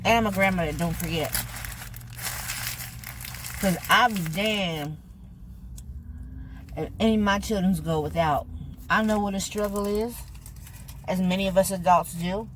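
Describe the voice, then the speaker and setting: A woman's voice: mid-range voice, unhurried, long pauses, fairly bright tone, a little hiss or hum. An older woman with a Californian accent talking earnestly to camera in a vlog, slangy and emphatic, getting choked up. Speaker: food vlogger. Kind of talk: casual heartfelt talk to camera.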